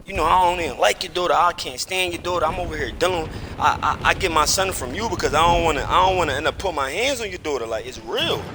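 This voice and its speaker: Streaming live while gaming, a man with a high-ish, lively voice talks fast with few pauses against a noisy background. He tells a personal story casually, emphatic and repetitive, swearing oaths as he goes.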